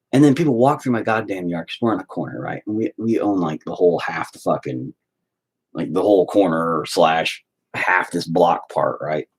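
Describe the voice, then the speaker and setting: A man's voice: sits low, expressive, normal speed, vocal fry, husky, rough recording. A man ranting in a profane, rambling way while painting in a casual vlog at home. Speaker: vlogger.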